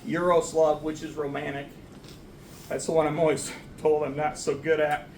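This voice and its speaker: A man's voice: on the high side, flat delivery, normal speed, a little mellow, roomy sound, recorded from a distance, a little hiss or hum, low-quality recording. A man, the son of the deceased, speaking at a memorial service in a church, rambling and self-deprecating. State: getting emotional. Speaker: son giving a eulogy. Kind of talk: memorial speech. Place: church sanctuary.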